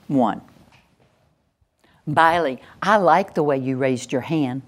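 A woman's voice: low-pitched, slow, pauses often. A woman giving a workshop lecture, speaking emphatically, repeating key phrases and checking in with her audience. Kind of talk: teaching lecture to a live audience.

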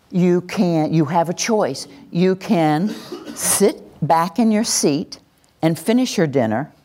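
A woman's voice: on the low side, a little mellow. A middle-aged woman teaching a parenting workshop, acting out what parents and children say and laughing often. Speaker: parenting instructor.

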